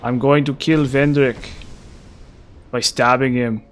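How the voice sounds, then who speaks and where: A man's voice: mid-range voice, steady tone, slow, faint music behind. A man giving casual, rambling gameplay commentary as a streamer, chatty and full of filler words. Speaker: game streamer.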